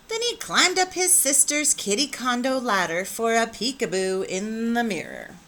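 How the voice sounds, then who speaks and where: A woman teacher reading a picture book aloud with expressive, animated storytelling. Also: fairly high pitch, moderate pace, few pauses.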